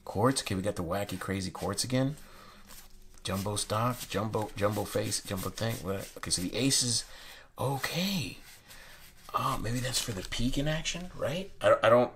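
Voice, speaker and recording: This playing card channel host is a young man whose voice sits very low, talking at a moderate speed as he unboxes a deck. He's eager and talkative, occasionally going hushed, while card handling sounds clatter through the noisy room.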